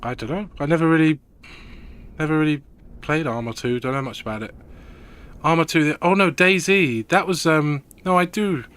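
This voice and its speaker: A man's voice: on the high side, moderate pace, a bit bright, smooth. A young man streaming a video game, chatting casually in a rambling, sweary, laid-back way. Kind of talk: casual gaming stream chat.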